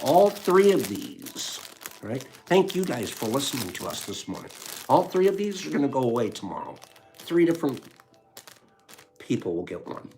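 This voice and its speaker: A man hosting a casual live stream, upbeat and reading viewer answers aloud in quick bursts. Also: mid-range voice, sing-song, a little mellow, a little hiss or hum.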